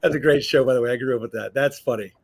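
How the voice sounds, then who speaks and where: A man's voice: mid-range voice, very fast, vocal fry, husky. A man hosting an interview, asking questions in an appreciative, encouraging manner. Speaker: podcast host.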